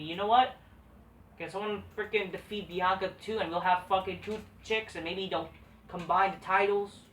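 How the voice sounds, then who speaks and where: A woman's voice: on the low side, a bit bright, slight background noise. A woman giving a profane, sarcastic rant as a wrestling show reviewer. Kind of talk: ranting video review. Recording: roomy, distant from the mic.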